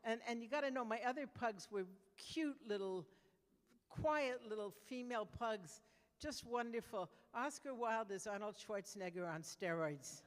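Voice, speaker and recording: A woman's voice: fairly high pitch, moderate pace, big-room sound. An older woman doing stand-up comedy, telling brash, conversational stories with frequent restarts.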